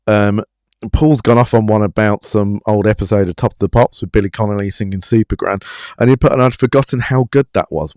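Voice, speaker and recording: Male live-stream host, low voice, dry close sound, chatty and self-mocking. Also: steady tone, a little fast, darkish tone, dry recording. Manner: chatty, self-deprecating, reading out chat. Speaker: show host.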